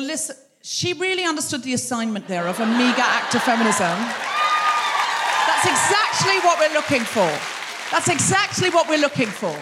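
A woman with a fairly high voice works the crowd at a live comedy show, teasing and chatting with quick asides. She is on stage in a theatre, and a faint murmur of the audience and some faint noise sit behind her. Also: a bit bright. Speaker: host. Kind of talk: live stand-up comedy hosting.

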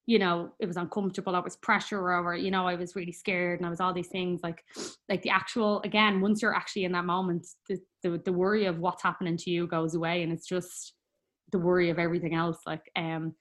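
A young woman telling a personal story in a chatty, rambling way, full of fillers and quick laughs. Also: fairly low pitch, flat delivery, a bit bright. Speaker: guest.

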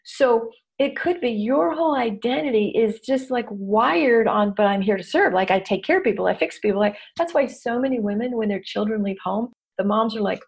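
A woman's voice: mid-range voice, normal speed, gravelly, a little mellow. A woman hosting a self-help podcast, talking in a chatty, candid, self-mocking coaching way. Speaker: podcast host. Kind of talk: casual self-help talk.

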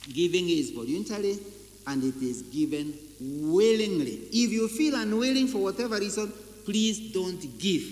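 A man preaches in a high voice, pressing each point with rhetorical questions and repeated phrases. His sermon rings through a roomy church hall with a long, trailing echo. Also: darkish tone, a little hiss or hum. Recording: echoey hall reverb.

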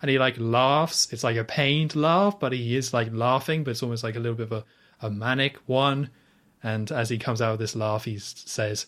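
A young man talks through a film scene in a relaxed, conversational way, filling gaps with ums and likes. He quotes the characters' lines as he goes and has an ordinary, mid-pitched voice. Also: moderate pace. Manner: chatty retelling with frequent fillers and quoted lines. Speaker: podcast host recapping a film. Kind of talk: casual chat.

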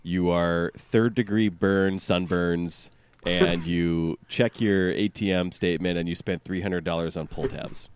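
A man's voice: low voice, fairly even intonation, unhurried, smooth. A man co-hosting a casual podcast, riffing dryly and teasing his friends. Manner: dry, teasing, riffs on others' stories. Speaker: podcast co-host.

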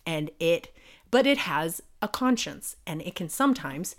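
Female co-host, lowish voice, lively casual storyteller recapping a novel. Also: unhurried. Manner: animated retelling, acting out character lines. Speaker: podcast co-host. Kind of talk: casual book review chat.

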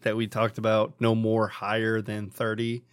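A man's voice: lowish voice, monotone, normal speed, dry recording, studio quality. A man co-hosting a casual podcast, talking in a rambling, playful way. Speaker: podcast co-host. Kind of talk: casual chat.

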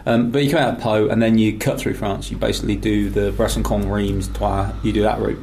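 A man's voice: fairly low pitch, little pitch movement, a little fast, gravelly, a little mellow, a little hiss or hum. A middle-aged man from England hosting a podcast, rambling through stories in a chatty, teasing way. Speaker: podcast host. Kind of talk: casual chat.

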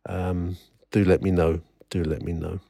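A man's voice: low-pitched, little pitch movement, a little slow, vocal fry, mellow, dry recording, studio quality. A man hosting a solo football history podcast, wry and rambling, with many fillers and restarts as he reads out old newspaper reports. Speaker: podcast host.

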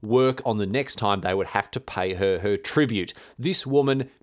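A man's voice: lowish voice, moderate pace. A man hosting a podcast, telling a history story in an irreverent, rambling, slang-filled way. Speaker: podcast host.

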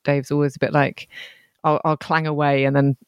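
A woman's voice: low-pitched, flat delivery, normal speed, clear, resonant tone, dry recording, studio quality. A woman co-hosting a running podcast, chatting casually, laughing often and mocking herself, recorded remotely. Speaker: podcast co-host. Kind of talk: casual chat. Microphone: remote recording setup.

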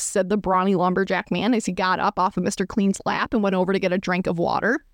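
A woman hosting a podcast, reading fanfiction aloud in a comic, dramatic style with deadpan asides and playful character voices. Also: on the low side, brisk, few pauses, no room sound, clean studio sound.

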